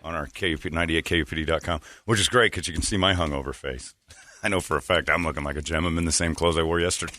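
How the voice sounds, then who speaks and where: A man's voice: a bass voice, fast, pushed and bright. A middle-aged man hosting a morning radio show, rambling through stories with crude jokes. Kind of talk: casual morning radio banter.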